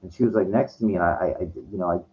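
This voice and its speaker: A low-voiced man rants through a story, swearing often and tripping over his own restarts. His voice comes through a dull, lo-fi recording. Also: rapid-fire, a little mellow, a little hiss or hum. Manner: profane, agitated, stumbling restarts. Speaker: vlogger. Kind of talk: casual storytelling rant.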